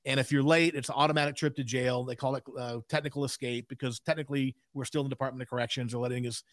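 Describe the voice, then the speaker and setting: A man's voice: mid-range voice, steady tone, rapid-fire, no echo, clean studio sound. A man in his sixties, a podcast guest telling a candid story in an emphatic way with frequent asides.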